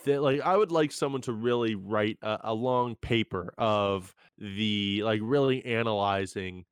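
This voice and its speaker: A young man co-hosting a podcast, chatting casually and rambling in an animated, self-mocking way. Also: on the low side, measured pace, clear, resonant tone, no room sound. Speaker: podcast co-host. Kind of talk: casual recap chat.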